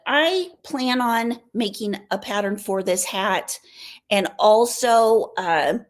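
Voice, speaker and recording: An American woman hosting a casual live stream, chatting in a rambling way and answering viewer comments. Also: mid-range voice. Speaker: livestream host.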